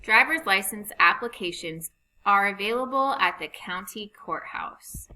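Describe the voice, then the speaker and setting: A woman teaching a phonics lesson over slides, reading rules and example sentences slowly and deliberately. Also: medium pitch, lively intonation, bright, forceful tone, poor audio.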